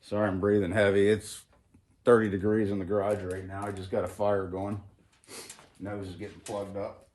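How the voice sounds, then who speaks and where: A man's voice: on the low side, moderate pace. A man hosting a casual DIY vlog, talking to himself as he works with tools in a cold home garage. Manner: relaxed, talking to himself while working with tools. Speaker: channel host. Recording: roomy garage echo, faint noise.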